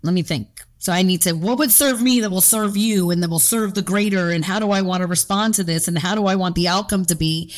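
Low-voiced woman near fifty, candid interview guest, lively and profane. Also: a little fast, few pauses. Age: around 50. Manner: animated, acts out inner voices, swears freely. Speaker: guest, fitness coach and gym owner.

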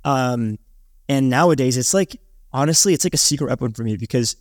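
A man's voice: mid-range voice, fairly quick, dry recording, studio quality. A man who hosts a podcast, giving casual advice in a chatty way, often restarting and filling with likes and ums. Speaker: podcast host.

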